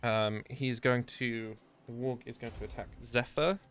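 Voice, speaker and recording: A man running a tabletop game as game master, narrating and calling rolls in a relaxed way. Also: medium pitch, measured pace, soft background music.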